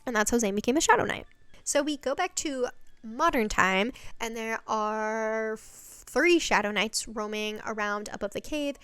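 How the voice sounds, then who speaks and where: Rambly woman recapping a show, kinda high voice, smooth and dry. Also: a bit bright, dry recording. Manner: chatty, rambling, lots of fillers and swearing. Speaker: channel host recapping a series. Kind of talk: casual recap vlog.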